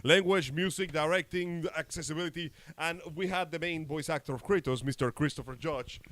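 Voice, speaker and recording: A man's voice: fairly high pitch, a little fast, fairly bright tone. A man co-hosting a casual live show, telling jokey, sardonic stories and swearing freely. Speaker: co-host. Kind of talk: casual podcast banter.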